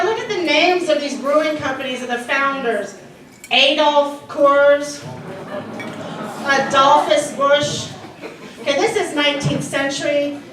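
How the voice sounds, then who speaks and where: A woman teaches a history class in a high, bright voice, quizzing her students and laughing along with them. She stands away from the mic in a very echoey room. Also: far from the mic. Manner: lively, asks the class questions and laughs often. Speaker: history lecturer. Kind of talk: classroom lecture. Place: lecture room.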